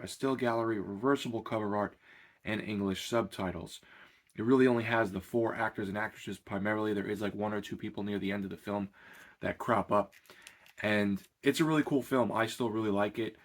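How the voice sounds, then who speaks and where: A man talking loosely through a horror film review as a channel host, rambling and conversational. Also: fairly low pitch. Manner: rambling and conversational, with many fillers. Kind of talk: casual spoken film review.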